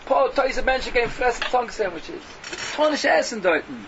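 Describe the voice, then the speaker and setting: Animated rabbi. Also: male voice, very high-pitched, brisk. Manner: animated, scolding, mixes Yiddish and Hebrew phrases. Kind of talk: Torah lecture. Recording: dull lo-fi recording with faint noise.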